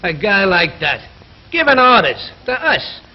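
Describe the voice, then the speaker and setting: An actor playing a grumbling, bigoted construction worker with coarse slang, in 1940s radio acting on a dull old recording. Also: male voice, high voice, very animated, normal speed, breathy edge, exaggerated voice. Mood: resentful.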